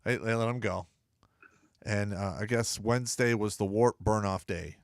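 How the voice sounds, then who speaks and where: A man's voice: on the low side, normal speed, vocal fry, no echo, clean studio sound. A man who is a podcast co-host and army veteran, telling stories in casual chat and acting out the people in them. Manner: animated, acts out voices in his stories.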